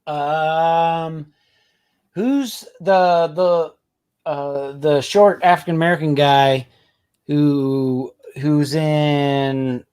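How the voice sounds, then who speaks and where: A man's voice: a little high, steady tone, drawn-out words, darkish tone, clean tone. A man co-hosting a podcast in casual chat, hesitant and searching for words with many fillers. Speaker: podcast co-host.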